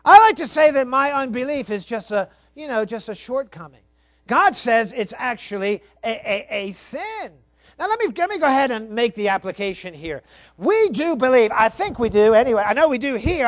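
High-pitched emphatic male preacher. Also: expressive, normal speed, a bit bright, dry recording. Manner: emphatic preaching, rhetorical questions to the congregation; reads scripture aloud in old-fashioned wording. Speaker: pastor. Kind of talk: sermon.

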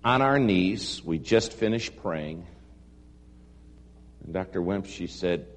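A man telling a humorous personal story to a live audience, animated and self-deprecating. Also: low-pitched, slow pace, pauses often. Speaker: speaker addressing an audience. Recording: long hall reverb, faint hum.

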